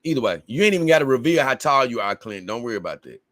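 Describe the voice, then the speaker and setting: A man with a medium-pitched, very animated voice talks at a quick pace with a slightly bright tone, recorded dry with clean studio sound. He's hosting a casual livestream, reading viewer comments aloud and rambling to his audience in slangy, talkative fashion.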